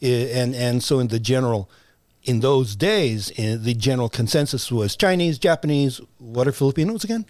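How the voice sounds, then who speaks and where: An older American man recalling his career in a podcast interview, pausing and restarting often. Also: medium pitch, darkish tone, dry recording, studio quality. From United States. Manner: halting, many restarts and fillers. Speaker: guest, writer and actor. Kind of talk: reflective interview conversation.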